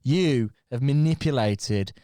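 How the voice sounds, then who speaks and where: A man co-hosting a podcast, chatting casually and swearing freely. His pitch sits in the middle range. The recording is dry and close. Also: takes it slowly, warm tone, no room sound. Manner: sweary, joking, laughs a lot. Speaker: podcast co-host. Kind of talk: casual comedic chat.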